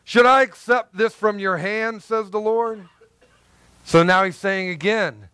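High-voiced man preaching animatedly. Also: a little slow, clean tone, no room sound. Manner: animated, conversational preaching with repetitions and acted asides. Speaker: pastor. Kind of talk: sermon.

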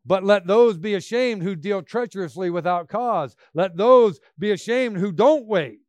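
A man preaching a sermon, emphatic, swinging between loud bursts and quiet asides. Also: sits high, lively intonation, normal speed, no room sound.

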